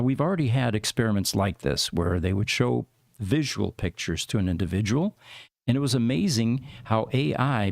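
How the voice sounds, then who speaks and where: Podcast host guy, kinda gravelly, rambles w lots of ums, dry close mic. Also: medium pitch, no room sound. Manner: rambling, explains terms with many fillers. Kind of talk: casual podcast commentary.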